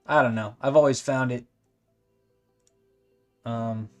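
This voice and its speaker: A man's voice: mid-range voice, steady tone, takes it slowly, soft background music. A man from California with a Californian accent, chatting casually while he draws, rambling with lots of likes and restarts. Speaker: animation streamer. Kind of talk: casual chat while drawing.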